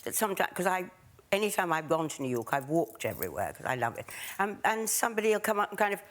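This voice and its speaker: A woman's voice: lowish voice, sing-song, fast. An older woman chatting as a talk show guest, telling wry, self-deprecating anecdotes. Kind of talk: casual chat. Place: TV studio with audience.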